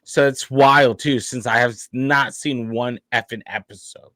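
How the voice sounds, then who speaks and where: A man's voice: mid-range voice, fairly even intonation, unhurried, a bit bright, no room sound. An American man co-hosting a reaction video, easygoing and agreeable with slangy talk. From United States. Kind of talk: casual reaction chat.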